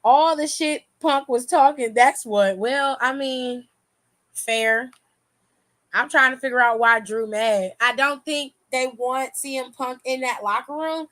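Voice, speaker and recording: Young adult woman, casual vlog commentary, expressive and animated, fairly high voice. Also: unhurried. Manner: animated, expressive, swears freely, laughs often. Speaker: wrestling commentary vlogger.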